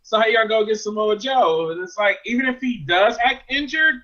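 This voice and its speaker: A man with a high, bright voice rants about wrestling in loose casual chat. He swears freely and sounds fed up. The audio is muffled and lo-fi. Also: lively intonation, fast. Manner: profane, exasperated ranting. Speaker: wrestling show reviewer.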